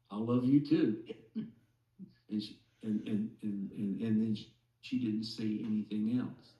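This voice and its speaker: A man slowly telling a personal story to a group, pausing often to check in with "okay?". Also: lowish voice, warm tone, reverberant, recorded from a distance, low-quality recording. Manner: slow, deliberate, many "okay?" asides. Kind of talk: slow storytelling testimony.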